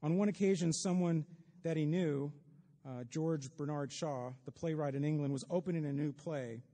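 A man with a fairly high but dark, mellow voice preaches a sermon, chatting with the congregation and dropping in wry asides. His words ring out with a long reverb, as if in a big church sanctuary. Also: normal speed. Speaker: pastor. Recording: long reverb of a large hall.

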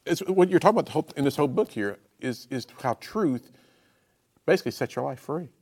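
A man hosts a faith talk show with a lively, rising and falling voice that slips into preaching. He affirms his guest warmly, then turns to address the viewers directly with sermon-like emphasis. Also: on the high side, fast, husky. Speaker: host of a Christian talk show. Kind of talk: preaching-style interview talk.

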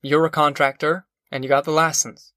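A blunt, defiant migrant worker, voiced by a man reading aloud, pushing back hard. The voice is somewhat high and dry, recorded close. It is a storybook figure. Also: little pitch movement, normal speed, bright, forceful tone, no echo. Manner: blunt, challenging.

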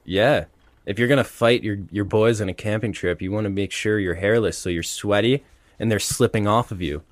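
A young man co-hosting a podcast, telling an animated story with lots of laughter and acted-out quotes. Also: lowish voice, moderate pace, dry recording. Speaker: podcast co-host. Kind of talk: casual storytelling chat.

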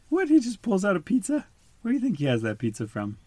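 A man's voice: high voice, huge pitch swings, fast talker, dark tone. A man reading a picture book aloud to a child, patiently stopping to explain words and ask questions. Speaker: storybook reader.

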